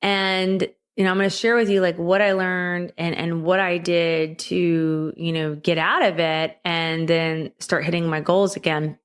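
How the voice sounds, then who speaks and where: A woman's voice: lowish voice, level tone, a little slow, hardly any pauses, clear, resonant tone. A woman hosting her own podcast, talking alone in a chatty, conversational way and often checking in with the listener. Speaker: podcast host. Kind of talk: solo podcast monologue.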